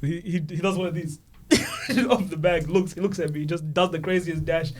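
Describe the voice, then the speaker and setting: Lively young man telling funny stories. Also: on the high side, normal speed. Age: 20s. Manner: animated storyteller, acts out voices of kids. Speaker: podcast co-host. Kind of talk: casual storytelling chat.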